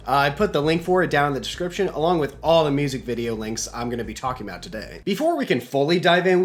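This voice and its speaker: A man's voice: a little high, a bit bright. A man hosting a casual commentary video essay, making jokey, rambling asides.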